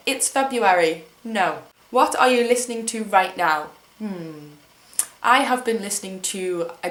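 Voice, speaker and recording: A woman's voice: medium pitch, fairly bright tone, roomy sound. A woman in her twenties with an English accent, chatting wryly and mocking herself as she answers questions at home. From England. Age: 20s. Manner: chatty, wry and self-mocking. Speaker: vlogger. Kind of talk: casual tag video chat.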